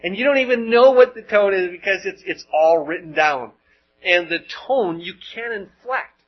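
A man's voice: high voice, moderate pace, dull audio. A man preaching a sermon in a conversational way, asking the listeners questions and often repeating words as he goes. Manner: conversational, rhetorical questions, frequent word repeats.

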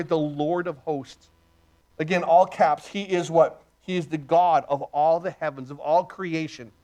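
A middle-aged male pastor with a voice on the high side preaches emphatically, posing rhetorical questions and then answering them himself.

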